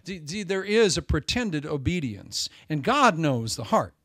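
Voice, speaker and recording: A man preaches with a fairly high voice, his lines rising to loud emphasis and then dropping to hushed asides. The sound is dry and close, with no room around it. He speaks as a pastor delivering a Sunday sermon. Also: very animated, unhurried, no room sound.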